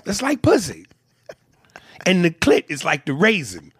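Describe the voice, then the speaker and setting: A man's voice: high voice, huge pitch swings, measured pace, long pauses, fairly bright tone, husky, dry recording. A man co-hosting a casual movie chat, rambling and crude, joking and laughing often. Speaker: podcast co-host.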